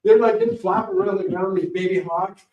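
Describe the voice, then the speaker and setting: This guest speaker, a champion morel hunter, spins casual, rambling anecdotes with lots of animation for a crowd gathered in a library meeting room. He has a high voice and talks fairly quickly. The sound is distant and dull, with the roomy feel of a large hall.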